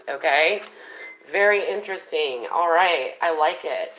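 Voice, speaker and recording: Low-voiced woman giving a chatty tarot reading. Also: lively intonation, measured pace, music in the background, poor audio. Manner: chatty, thinking aloud with many fillers. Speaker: tarot reader.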